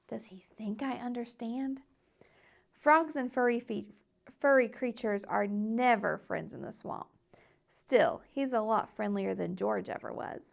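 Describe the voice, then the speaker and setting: A woman teacher reading a children's novel aloud, expressive and playful as she tells the story. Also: a little high, gravelly. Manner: expressive storytelling with playful voiced sound effects.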